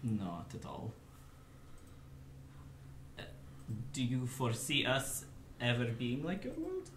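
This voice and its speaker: A man's voice: medium pitch, wildly swooping pitch, slow pace, a bit bright, a little hiss or hum, full character voice. A man playing a shaken young male adventurer who answers in a hesitant, subdued way. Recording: roomy echo.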